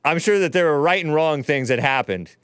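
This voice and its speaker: Chatty male call-in host, smooth dry voice. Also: a little high, animated, fairly quick, fairly bright tone, dry recording. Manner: chatty, laughs often, loose and rambling. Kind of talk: casual call-in talk.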